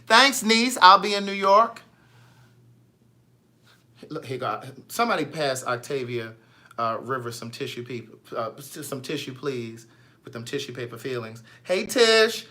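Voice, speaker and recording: Male author host, live-stream chatter, very expressive pitch, chatty with his viewers. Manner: animated, greets viewers by name, spells things out slowly.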